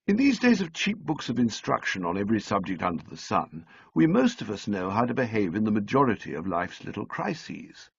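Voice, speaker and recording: A man narrating an audiobook in a measured, dryly comic storytelling manner, on a close studio mic. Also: lowish voice, vocal fry, breathy edge, no echo, highs cut off.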